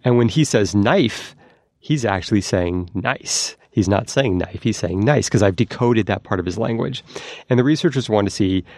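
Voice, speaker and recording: Male science correspondent, low and gravelly, dry close-mic podcast sound, explains eagerly. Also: fairly quick, dry recording. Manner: lively, explanatory, demonstrates sounds.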